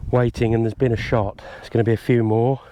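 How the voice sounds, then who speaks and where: A man's voice: medium pitch, flat delivery, a little fast, dark tone. A man chatting casually to camera outdoors, explaining what he is doing as he goes. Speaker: vlogger and gundog handler. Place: outdoors on a country estate.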